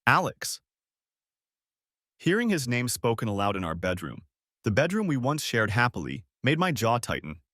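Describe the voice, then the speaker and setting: A man's voice: mid-range voice, wildly swooping pitch, brisk, a bit bright, no room sound, studio quality. A man narrating a first-person drama story, cold and controlled in tone.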